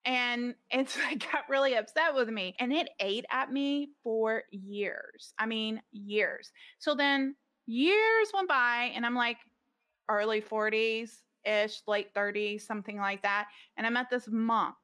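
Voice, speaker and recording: Chatty middle-aged woman, slightly high voice. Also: slow pace, sharp tone. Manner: rambling, lots of "like" fillers and restarts. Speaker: podcast guest. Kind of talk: casual storytelling in conversation.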